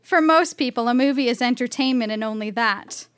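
A woman's voice: a little high, fairly quick. A woman on stage reading her dreamy teenage diary entries aloud, with wry timing.

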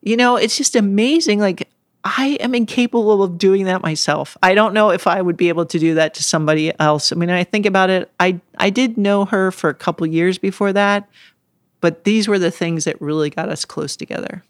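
A middle-aged woman answering interview questions in an earnest, reflective way. Her voice sits at a moderate pitch. The recording is dry and close, with no room sound. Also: fairly quick, dry recording. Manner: earnest and reflective, with breaks for laughter. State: choked up at times. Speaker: interview guest. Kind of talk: casual interview conversation.

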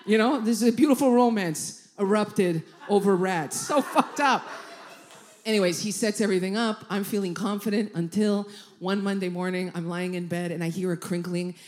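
There's a little hiss or hum behind this woman comedian's mid-range voice as she tells a comic story stand-up style at normal speed. Animated and profane, she laughs through lines and voices the people she quotes.

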